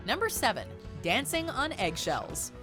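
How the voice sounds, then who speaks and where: Lively woman narrating a countdown list. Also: fairly high pitch, a little slow, over music. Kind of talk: scripted narration.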